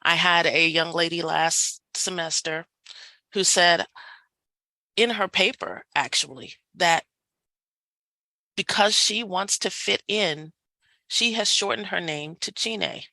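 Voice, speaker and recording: Woman, workshop presenter, gravelly edge, bright tone, video call. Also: lowish voice, slow pace, pauses often, no echo, rough recording. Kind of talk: online faculty workshop presentation.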